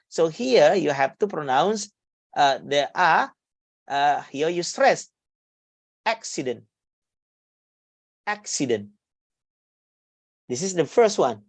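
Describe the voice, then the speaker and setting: A woman with an Indonesian accent leads an online English class, her voice low and her delivery slow. She halts often, filling gaps with hesitations and restarts as she explains. The call audio is dry and close. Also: darkish tone, dry recording. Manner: slow, halting, many fillers and restarts. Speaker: English lecturer.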